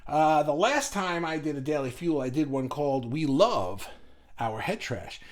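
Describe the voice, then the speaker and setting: A man's voice: a little high, lively intonation, moderate pace. A middle-aged man hosting a casual livestream for an online group. He talks in a rambling, chatty way and restarts his sentences often.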